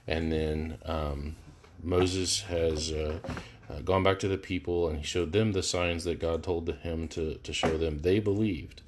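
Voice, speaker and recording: A man's voice: low-pitched, fairly even intonation, measured pace, slight background noise. A man leading a live verse-by-verse Bible study, talking casually with many fillers and restarts. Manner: casual, thinking aloud with frequent fillers and restarts.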